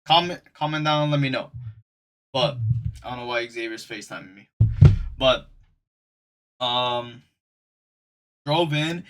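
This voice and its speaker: A man's voice: mid-range voice, measured pace, long pauses, noisy background. A young man telling a story on his stream, talking casually in loose slang and speaking straight to his viewers.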